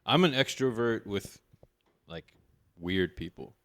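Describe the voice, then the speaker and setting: Deep-voiced young man, dry and close. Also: lively intonation, slow, a bit bright, dry recording. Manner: laid-back, teasing, eggs others on. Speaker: podcast co-host. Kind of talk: casual chat.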